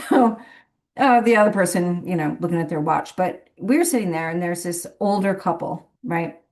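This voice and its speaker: Woman, medium, casual storytelling, rambling and chatty, lowish voice. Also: expressive, normal speed, darkish tone. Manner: rambling, chatty, laughs often between phrases. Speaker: professional medium.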